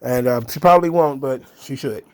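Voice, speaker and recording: A man's voice: mid-range voice, fairly quick. A man hosting a casual solo wrestling commentary, opinionated and rambling, with frequent fillers and restarts. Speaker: wrestling commentary channel host.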